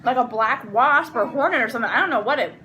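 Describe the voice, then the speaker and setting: Music plays in the background and the audio is poor as a young woman, a mother and vlog host, chats at her family table. Her slightly high voice is lively and quick while she eats, talks with her mouth full, and meanders through a long story.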